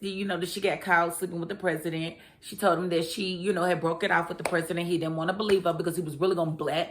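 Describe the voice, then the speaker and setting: Woman, lowish voice, casual slangy chatter, TV recap vlogger. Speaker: TV review vlogger.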